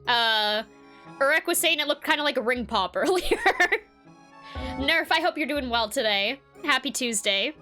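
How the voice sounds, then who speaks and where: A woman's voice: sits high, animated, moderate pace, pushed and bright. A young woman streaming a game, chatting casually and self-deprecatingly with lots of giggles over game music.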